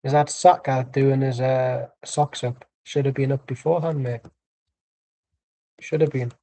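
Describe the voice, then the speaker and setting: A man's voice: medium pitch, steady tone, a little slow, warm tone. A man streaming a live football watchalong, giving dry, rambling chat and calling out plays. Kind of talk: casual match commentary and chat.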